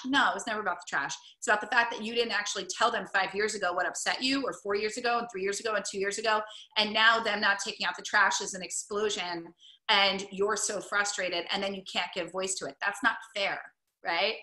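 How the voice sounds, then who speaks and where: A woman talks in a bright, clear voice, coaching her listeners in a chatty, upbeat way. She keeps dropping "like" and "right?" between her points. Her voice rings in an echoey room. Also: mid-range voice, fairly even intonation, brisk. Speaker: wellness coach. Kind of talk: casual teaching talk to camera.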